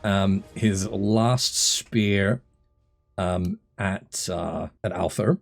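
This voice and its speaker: Low-voiced man running a tabletop game. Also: very slow, vocal fry. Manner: describes scenes with frequent fillers and restarts. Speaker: dungeon master.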